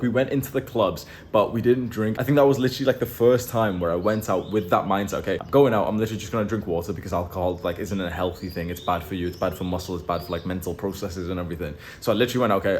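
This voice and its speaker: A young man talking casually to camera in a loose, filler-heavy way, swearing often. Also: mid-range voice. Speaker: vlogger.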